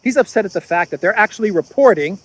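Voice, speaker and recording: A man's voice: high-pitched, lively intonation, fast talker, fairly bright tone, slightly rough. A man hosting casual political commentary, sarcastic, laughing at his own jokes and often repeating and restarting phrases. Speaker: host.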